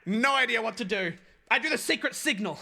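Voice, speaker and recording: A young man streaming a stand-up set, telling an animated story and breaking off for asides to his chat. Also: very high voice, brisk, creaky.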